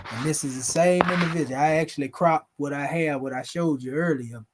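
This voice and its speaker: Man, casual conversational host, fairly high voice, talks viewers through pictures. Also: brisk, heavy background noise. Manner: conversational, addresses viewers as family. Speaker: video host presenting photos. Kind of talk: casual explanatory talk over pictures.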